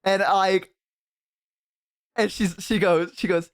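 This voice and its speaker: A man streaming and telling a story casually to his chat, swearing often and bursting into loud laughter. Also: sits high, steady tone, slow. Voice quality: profane, laughs hard and loud. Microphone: headset.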